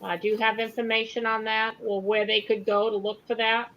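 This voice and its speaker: A woman's voice: a little high, flat delivery, fairly quick, a bit bright, slight background noise, rough recording. A woman chatting casually in a group video call, passing on questions from viewers.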